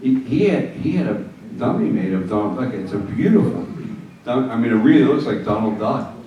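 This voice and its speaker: A man's voice: mid-range voice, lively intonation, a little fast, warm tone, lo-fi sound, slight background noise. An older man presenting a ventriloquism workshop, chatty and joking as he tells stories, heard from far off. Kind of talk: workshop talk. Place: conference room with audience. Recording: echoey room from far off with audience.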